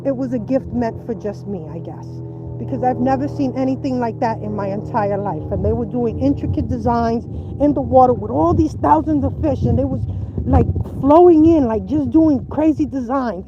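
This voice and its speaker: A woman chatting on a casual livestream outdoors by a river, talking in an animated, emphatic way and repeating herself for stress. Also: a little high, brisk, highs cut off, background noise.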